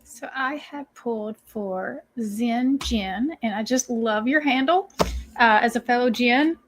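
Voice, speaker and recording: A woman with a fairly high voice reads a tarot card on a live stream. She is friendly and direct, and gives her advice plainly. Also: slow pace. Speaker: co-host reading tarot.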